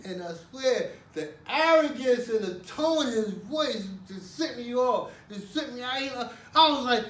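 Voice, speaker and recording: A man telling an animated story about his years in prison, often acting out guards and shouting. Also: extremely high pitch, normal speed. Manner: animated, acts out guards and himself with loud shouted bursts. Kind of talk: spoken personal storytelling to a live audience. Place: talk at a college hall. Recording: roomy hall, mic at a distance.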